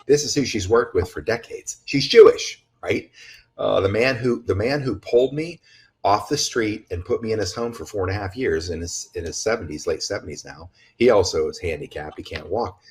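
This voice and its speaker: A man's voice: on the low side, brisk. A man talking in a casual podcast conversation, blunt and emphatic, rambling with restarts and swearing freely. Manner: rambling with frequent restarts and asides. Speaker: podcast guest speaker.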